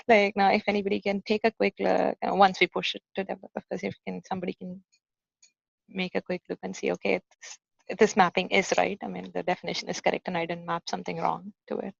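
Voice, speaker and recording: A woman presenting her software work in a casual online meeting, hesitant and full of fillers. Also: mid-range voice, little pitch movement, brisk, gravelly, no room sound, muffled recording.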